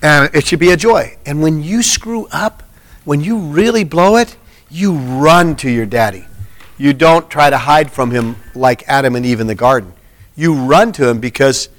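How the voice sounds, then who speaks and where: A middle-aged man, a pastor, giving an informal sermon and chatting earnestly with a small group. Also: on the high side.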